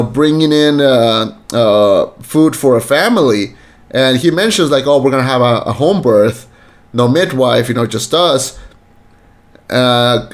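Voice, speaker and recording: A man chatting on a film review podcast, his voice sitting a little high for a man. He rambles, restarts his sentences and acts out what the characters said with plenty of energy. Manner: rambling, many fillers and restarts, animated quoting. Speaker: podcast co-host. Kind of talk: casual film review chat.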